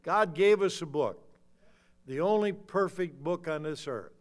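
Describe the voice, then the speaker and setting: Fiery older preacher, high voice. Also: male voice, animated, unhurried. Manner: swings from low muttering to loud shouting. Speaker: pastor. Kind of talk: fiery sermon.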